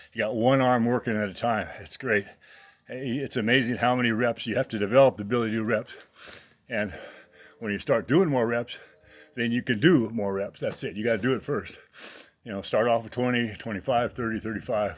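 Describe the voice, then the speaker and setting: A slightly out-of-breath man talking casually to camera about his workout, rambling with many fillers. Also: lowish voice. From United States. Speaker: fitness vlogger.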